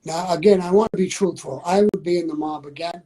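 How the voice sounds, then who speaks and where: A man's voice: sits high, a little fast, warm tone, breathy edge, rough recording. An older man, talking bluntly and candidly as an interview guest, repeating himself for emphasis. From New York. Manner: blunt, repetitive, conversational.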